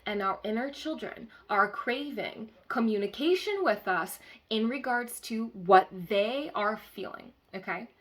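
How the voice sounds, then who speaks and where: A woman's voice: fairly high pitch, animated, unhurried, fairly bright tone. A woman giving a live-streamed channeled card reading as a spiritual healer, earnestly repeating key phrases and checking in with listeners.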